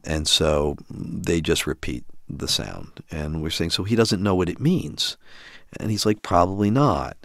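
A man's voice: low-pitched, unhurried, dry recording, studio quality. A middle-aged man telling a story about his family in conversation, acting out what people said. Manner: animated, acts out quotes in other voices.

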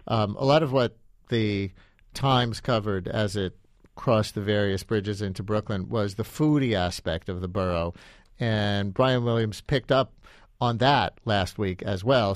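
Male NY radio host, lower register, brisk call-in patter. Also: dry recording. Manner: brisk, chatty, introduces callers. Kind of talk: live radio call-in talk.

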